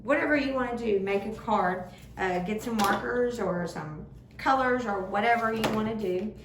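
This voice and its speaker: A young woman giving a children's sermon in simple, animated words, recorded in a church room. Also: medium pitch, normal speed. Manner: animated, speaks simply to children, acts out voices. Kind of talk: kids' sermon. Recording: echoey room, far from the mic, faint noise.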